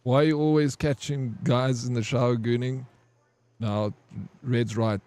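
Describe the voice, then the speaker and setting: A man's voice: mid-range voice, fairly even intonation, unhurried, a little mellow, no echo. A man streaming a game, rambling and crude as he tells a long army story to his chat. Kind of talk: casual gaming stream storytelling.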